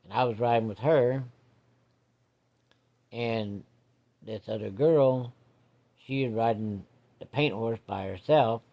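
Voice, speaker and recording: A man's voice: medium pitch, slow pace, vocal fry, long pauses, dull audio. A man telling a rambling personal story in a folksy, casual way.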